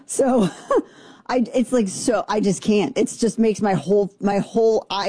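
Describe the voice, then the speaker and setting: A woman's voice: medium pitch, very animated, unhurried, dark tone, breathy edge, dry recording. A woman hosting a talk radio show, talking in a chatty, rambling way with jokey digressions, on a studio microphone.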